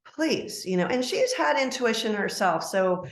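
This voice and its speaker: A middle-aged woman, a life coach, telling a personal story as a podcast guest, animated and acting out quoted dialogue. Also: medium pitch, moderate pace. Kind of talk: storytelling interview answer. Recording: roomy echo.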